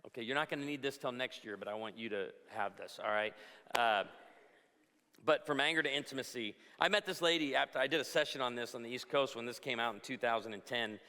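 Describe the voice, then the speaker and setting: A man's voice: medium pitch, fast talker, sharp tone. A middle-aged male pastor giving a humorous, storytelling conference talk to a crowd. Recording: long hall reverb.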